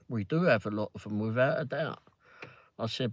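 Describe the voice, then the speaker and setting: On a live ride-along, a man with a London accent from England chats casually from the car, rambling, dropping lots of fillers and swearing freely. His voice is on the low side at a normal speed, without echo.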